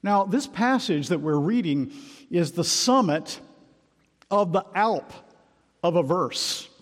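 A man's voice: high-pitched, animated. Preaching man in a reverberant hall. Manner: emphatic, measured preaching with slowed stresses. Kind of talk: expository sermon.

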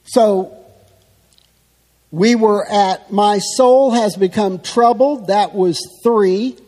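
A man delivers an expository sermon in a very high voice, taking his time over each phrase. His emphatic, unhurried teaching carries a long reverb from the church sanctuary around him. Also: mellow. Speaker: preacher.

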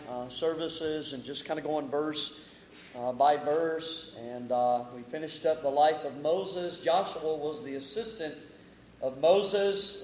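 A male pastor preaching an evening sermon in a church, folksy in his talk and slow and emphatic when he reads scripture. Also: on the high side, slight background noise. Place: church sanctuary. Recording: roomy church echo.

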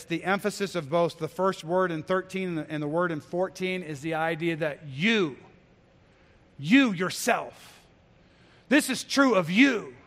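A man preaching a sermon as a pastor, earnest and exhortative, with frequent restarts and emphatic repetition. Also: on the high side. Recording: long hall reverb.

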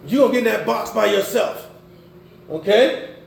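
Gravelly older preacher in an echoey church. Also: male voice, expressive, moderate pace. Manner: call-and-response preaching, swings between loud emphasis and low murmurs. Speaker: pastor. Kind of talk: sermon.

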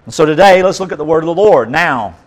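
A male pastor preaching a sermon, reading scripture aloud with dramatic emphasis and dropping to quiet asides. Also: fairly high pitch, animated, fast talker, poor audio.

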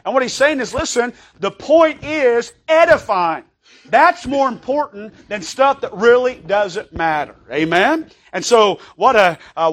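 A man with a high voice preaching a sermon from the pulpit. He talks emphatically and conversationally, pausing to ask for an amen. When he reads scripture, he slows right down. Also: fairly bright tone. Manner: emphatic, calls for amens, reads scripture slowly. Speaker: pastor.

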